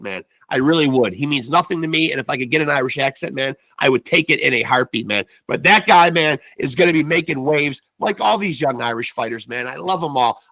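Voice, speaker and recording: Chatty fifty-something American host, bright voice. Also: male voice, on the high side, no echo. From United States. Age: 50s. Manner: chatty, stammering, says "man" constantly. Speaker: podcast host. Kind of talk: casual interview podcast.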